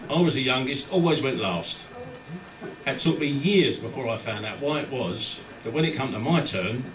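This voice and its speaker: A man's voice: mid-range voice, lively intonation, crowd noise. A man from London's East End, telling jokes as a stand-up comedian in short, clipped phrases on a club stage. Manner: brisk punchline delivery in short clipped phrases. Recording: roomy, distant live club recording with background noise.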